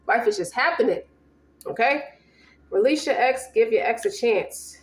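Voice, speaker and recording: A woman's voice: fairly high pitch, moderate pace, echoey room. A woman giving a casual tarot reading, slangy and profane, rambling and emphatic. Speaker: tarot reader.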